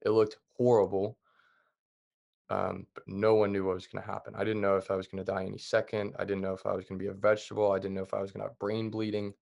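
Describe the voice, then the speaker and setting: A young adult man talks as a podcast guest, his low voice gravelly with vocal fry. He keeps an even, flat delivery and tells events plainly, leaning on fillers as he goes. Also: quick pace, lo-fi sound. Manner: calm, plain retelling with many fillers. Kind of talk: casual storytelling.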